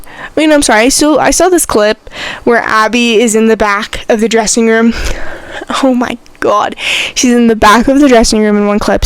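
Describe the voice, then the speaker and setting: A young woman hosting a solo podcast in a casual chat, rambling and animated, repeating herself with lots of "like". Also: fairly high pitch, no room sound. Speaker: podcast host.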